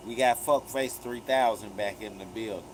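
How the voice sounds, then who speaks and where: A man's voice: on the low side, moderate pace, background noise. A man hosting a live commentary stream, casually retelling events in profane street slang with heavy emphasis. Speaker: livestream commentary host.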